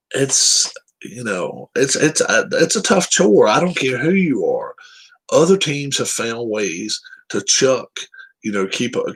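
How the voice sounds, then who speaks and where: A man's voice: lowish voice, fairly bright tone, husky. A man hosting casual sports chat, giving blunt, profane, opinionated takes on football teams.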